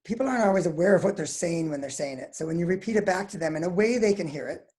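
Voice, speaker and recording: A middle-aged man, a psychologist, giving advice in an interview in a calm, measured way. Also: sits high.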